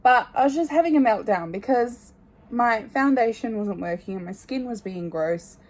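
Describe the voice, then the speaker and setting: A young woman in her twenties chatting to her phone camera, rambling and candid, often trailing off quietly. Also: on the high side, lively intonation, normal speed. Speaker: vlogger. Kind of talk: casual chat to camera. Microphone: phone held at arm's length.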